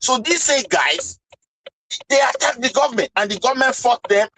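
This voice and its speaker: A man's voice: very high-pitched, animated, normal speed, sharp tone, rough recording. A man in a casual discussion, arguing passionately and firing off rhetorical questions.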